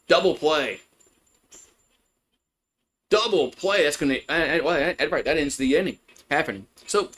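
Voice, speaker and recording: Casual male play-by-play caller, mid-range voice, chats with viewers between pitches. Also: fairly bright tone, low-quality recording. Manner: chatty, loose, greets chat viewers between pitches. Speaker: play-by-play commentator. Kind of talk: casual live baseball commentary.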